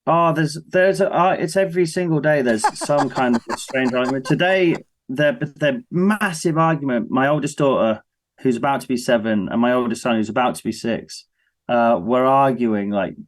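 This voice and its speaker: An English man in his thirties chats as a guest on an interview show, telling animated anecdotes and slipping into his family's voices. His voice sits at an ordinary middle pitch. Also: moderate pace. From England. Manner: lively storyteller, acts out his family's voices. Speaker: guest musician. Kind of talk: casual interview chat.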